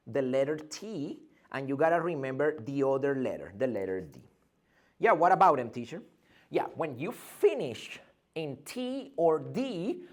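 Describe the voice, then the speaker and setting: A man teaching an English pronunciation lesson, drilling sounds by repeating them and asking and answering his own questions. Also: a little high.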